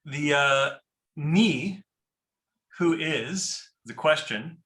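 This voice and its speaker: A man's voice: a little high, very slow, bright, forceful tone, roomy sound. A man teaching a class on a prayer book, explaining step by step and often checking in with "right?". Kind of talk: informal class lecture.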